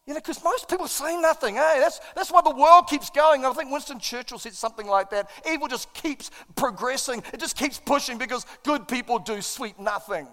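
High-voiced New pastor preaching. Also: male voice. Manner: impassioned, self-deprecating, animated storyteller. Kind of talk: sermon storytelling. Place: church auditorium. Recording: long reverb in a large hall.

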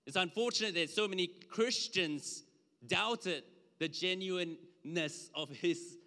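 A man preaching a conversational sermon with slides, emphatic at times and dropping low for asides. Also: slow, bright, forceful tone. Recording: long hall reverb.

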